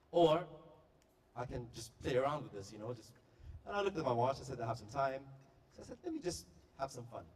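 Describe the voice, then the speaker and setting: A man performing stand-up comedy at a staff party, telling stories with quick, playful delivery and deadpan punchlines. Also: mid-range voice, distant mic. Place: party venue before a live audience.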